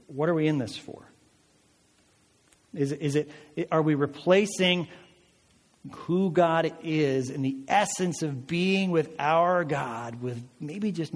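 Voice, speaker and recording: A man with a slightly high voice preaches a sermon, retelling a story in a loose, conversational way full of rhetorical questions. His words ring out with a long reverb, as in a church sanctuary. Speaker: pastor.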